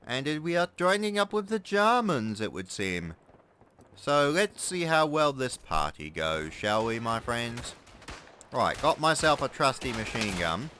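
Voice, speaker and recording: A man's voice: mid-range voice, big pitch swings, measured pace, a little hiss or hum. A man giving casual, sarcastic gameplay commentary, swearing and mocking himself as he plays. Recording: loud game gunfire behind.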